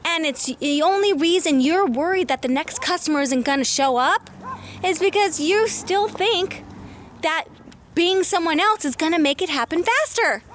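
High-voiced woman giving a casual pep talk. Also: normal speed, slight background noise. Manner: casual and emphatic, swears when excited. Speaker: business coach. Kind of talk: motivational vlog. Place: outdoors, walking through her neighborhood.

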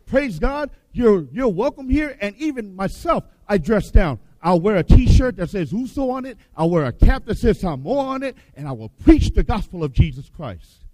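A man preaching a revival sermon, emphatic, repeating his phrases and swinging between loud and hushed. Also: high voice, sing-song, moderate pace, few pauses, no room sound. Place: church hall with baptism tank.

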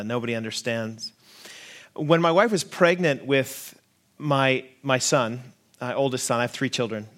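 A man's voice: medium pitch, fairly bright tone. An American man in his forties, a lead pastor, telling a self-deprecating, humorous story to his congregation during a sermon. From United States.

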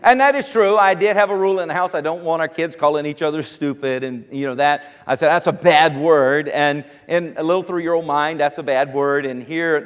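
A man's voice: fairly high pitch, long reverb tail. A man preaching a sermon as pastor, telling stories with humor and chuckling often. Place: church sanctuary.

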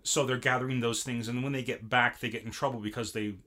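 A man's voice: medium pitch, fairly even intonation, fast talker, pushed and bright. A man in casual chat recapping an anime episode, rambling with many fillers and restarts. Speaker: podcast co-host.

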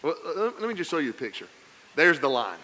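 High, bright-voiced preacher, animated. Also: male voice, a little fast, a little hiss or hum. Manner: animated storytelling, swings from loud emphatic to quiet and low. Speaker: pastor. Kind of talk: sermon.

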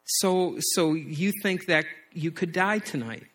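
A man voicing his older sister in a story, gently and patiently asking questions to soothe a scared child. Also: a little high, slow. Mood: soothing. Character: caring older sister, calm and reassuring.

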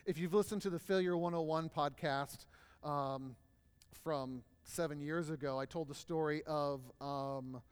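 In a hall with long reverb, a man presents a workshop to a live audience, telling casual stories packed with fillers. His voice is a little high and clean in tone, with fairly even intonation and an unhurried pace.

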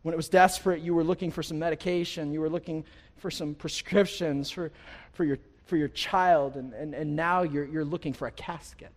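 A man's voice: on the high side, fairly even intonation, brisk. A man preaching a sermon from the pulpit in a large church, with impassioned phrases that rise and fall, repeated lines and many restarts. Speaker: pastor. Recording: live hall reverb.

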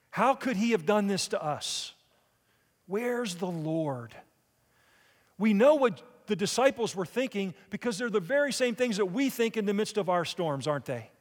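A man's voice: high-pitched, big-room sound. A man preaching a sermon in church, asking the congregation rhetorical questions. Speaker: pastor.

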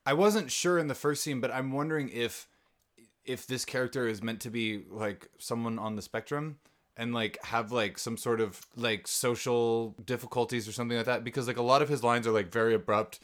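Man co-host, mid-pitch voice, tentative and halting, casual chat. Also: fairly even intonation, a bit bright. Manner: hesitant, lots of fillers and restarts. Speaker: podcast co-host.

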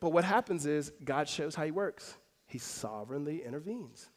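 A male pastor preaching through a scripture passage, telling the story in a lively, conversational way with casual fillers. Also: a little high, moderate pace. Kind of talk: expository sermon.

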